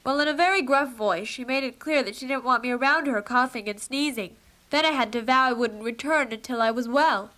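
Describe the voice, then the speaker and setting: A woman voicing a spirited teenage girl in an animated series, stuffy and sneezing with a cold, lively and frank. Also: high voice, brisk. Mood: chatty.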